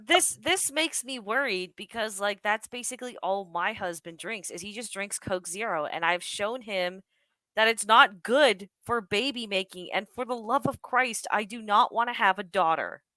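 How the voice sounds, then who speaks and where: Bright-voiced eager woman on a podcast. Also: medium pitch, normal speed, no echo. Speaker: podcast co-host. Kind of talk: casual chat.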